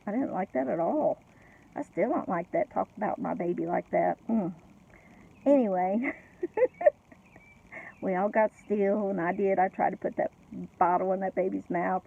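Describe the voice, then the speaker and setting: A woman's voice: medium pitch, vocal fry. A middle-aged or older woman telling a family story in a chatty way, laughing often and adding asides, over tinny phone-like audio. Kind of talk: casual personal storytelling.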